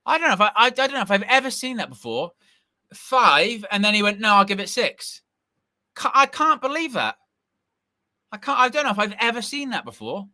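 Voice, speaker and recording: Young male watch-along host, bright higher voice, excitable and quick to shout. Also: no echo, studio quality. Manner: excitable, bursts into shouting at big moments. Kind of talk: live football watch-along commentary.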